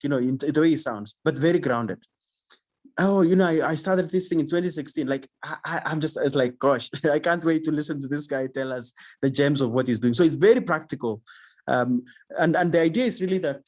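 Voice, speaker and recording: Male host on a video call, casual and halting, repeats words, animated bursts. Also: mid-range voice. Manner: halting, repeats words, laughs often, animated when excited. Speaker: community session host. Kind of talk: casual online session talk.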